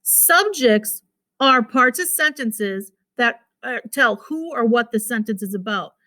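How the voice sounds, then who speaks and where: A woman's voice: on the high side, lively intonation, takes it slowly, sharp tone. A woman teacher giving a recorded phonics lesson to children, patiently repeating words and sounding out their syllables.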